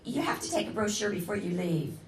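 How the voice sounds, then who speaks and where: A woman's voice: mid-range voice, a little fast, a little hiss or hum. A woman guest lecturer giving an enthusiastic, digressive classroom talk, speaking straight to her audience. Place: lecture room. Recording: echoey room recording from a distance.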